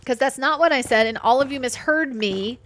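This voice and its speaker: A woman's voice: high voice, normal speed, a bit bright. A woman streaming a game, chatting playfully with her viewers and herself. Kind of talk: casual live-stream chat while gaming.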